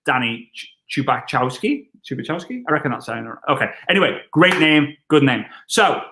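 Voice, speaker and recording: A man, an energetic and jokey network marketing trainer chatting on a live stream. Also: a little high, a little fast, slight background noise. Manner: excitable, jokey, wordplay.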